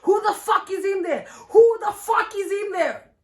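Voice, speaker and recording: A woman's voice: very high voice, very slow, a little mellow, reverberant, pitched above the performer's own voice, heavily acted. A woman voicing a furious young woman who is cursing and accusing her cheating boyfriend, in a storytime video. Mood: outraged.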